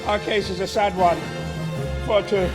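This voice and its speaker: A man's voice: high voice, level tone, a little slow, over loud music. A man playing a loyal, hopeful pilgrim companion who repeats his words as he encourages. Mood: encouraging.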